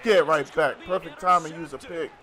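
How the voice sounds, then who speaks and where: Middle-aged male streamer, high voice, loose and jokey, talks to chat while he plays. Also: normal speed, pushed and bright. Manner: loose, joking, chatty with viewers. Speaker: gaming streamer. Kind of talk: casual live-stream chat while playing.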